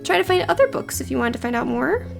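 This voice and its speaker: A cheerful, knowing guide figure played by a woman coaxes in a light voice. The pitch is high and it swings widely. It is a voiced game playthrough. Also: very animated, fast talker, creaky, music in the background, exaggerated voice. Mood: coaxing.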